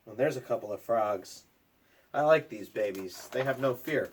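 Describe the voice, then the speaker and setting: Lively man reading a story to kids. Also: medium pitch, a little slow, breathy edge. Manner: lively, rising loud for shouted lines. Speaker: teacher reading aloud to children. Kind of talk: storybook read-aloud lesson.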